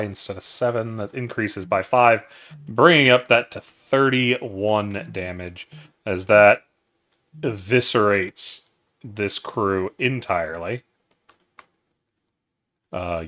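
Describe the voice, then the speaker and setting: A man serves as game master of a tabletop game. His voice sits low and he takes his time, calling out rolls and damage matter-of-factly with an occasional curse. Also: fairly bright tone. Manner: measured, matter-of-fact, profane.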